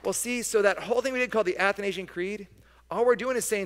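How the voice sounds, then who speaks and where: A man leading a children's message in church, speaking gently and coaxingly, and singing a simple song slowly with hand motions. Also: sits high. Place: church sanctuary. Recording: long church reverb.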